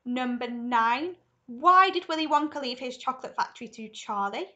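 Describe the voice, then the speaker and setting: A woman primary school teacher reading a story aloud to children in a lively, expressive way. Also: high voice, moderate pace, lo-fi sound.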